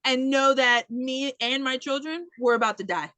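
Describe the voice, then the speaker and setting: In a dry recording, a podcast co-host retells a film during a casual chat, performing the characters' lines with animation and cursing freely. Her voice sits high, and she speaks at a moderate pace.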